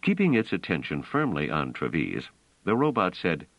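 A man narrating a science fiction audiobook in an expressive storytelling manner. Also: low voice, normal speed, dry recording. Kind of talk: scripted narration. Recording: dull, dry audio.

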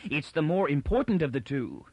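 A man's voice: medium pitch, big pitch swings, moderate pace, no room sound. A man voicing a frail, aging male psychologist who talks in a peevish, insistent way. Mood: agitated.

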